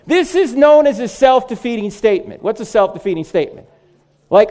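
A middle-aged man speaks to a live crowd in a comic lecture on apologetics, landing one punchline after another. His voice sits high for a man. It leaps up and down with lively, animated swings. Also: brisk. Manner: joking, punchline-driven delivery. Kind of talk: humorous lecture to a live audience.

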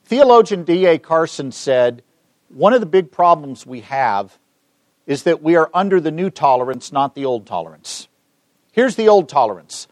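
A middle-aged man from Los Angeles, giving a public talk and taking audience questions with lively, joking storytelling. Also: fairly high pitch, normal speed, no echo. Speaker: speaker answering audience questions.

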